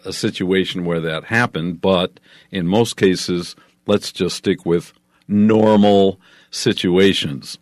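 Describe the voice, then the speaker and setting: A man teaching English in a measured, explanatory way, walking through each answer with small examples. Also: deep voice, no echo, studio quality.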